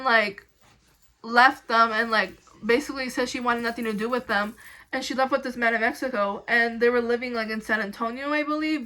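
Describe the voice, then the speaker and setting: Bright high-voiced young woman rambling. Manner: rambling, heavy use of "like"; indignant recounting. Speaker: vlogger. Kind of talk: casual storytelling.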